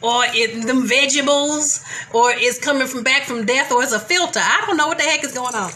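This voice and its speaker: A woman with a high, bright voice chats unhurried with her live viewers while she gets her juicing ready in her kitchen. A little congestion sits in her voice, and she laughs easily and swears a bit, keeping it candid. Faint household sounds stay in the background. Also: a little hiss or hum. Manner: laughs often, loose and candid with mild profanity. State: mildly congested. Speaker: vlog host greeting live viewers. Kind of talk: casual live chat while cooking.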